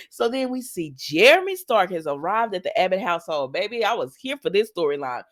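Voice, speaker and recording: A woman's voice: medium pitch, big pitch swings, a little fast, hardly any pauses. Brief: woman, casual soap recap vlogger, opinionated, chatty, lots of ums and you-knows. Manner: chatty, opinionated, frequent fillers like um and you know. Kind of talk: casual episode recap with commentary.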